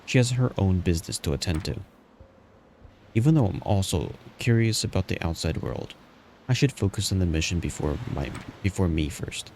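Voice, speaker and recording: Low-voiced man reading game text aloud. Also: lively intonation, normal speed, creaky, a little mellow, a little hiss or hum. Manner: plain reading with small restarts. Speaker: streamer.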